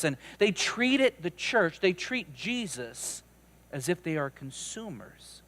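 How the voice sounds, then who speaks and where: A man preaching with a notably high voice, talking to the congregation in a lively, conversational way. He trips over and repeats words as he pushes through his points. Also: a little slow. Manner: animated, conversational, stammering restarts. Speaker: pastor. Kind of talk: sermon.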